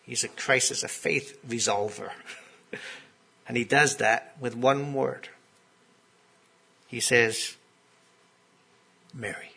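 A man's voice: medium pitch, steady tone, takes it slowly, gravelly, long pauses, bright, forceful tone, slightly rough. A man preaching a sermon in a conversational way, often putting questions to his listeners.

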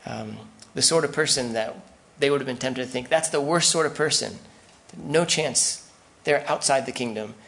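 Gravelly-voiced man preaching a sermon. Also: mid-range voice, moderate pace, hardly any pauses, a bit bright. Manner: conversational preaching, acts out quoted voices. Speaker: pastor.

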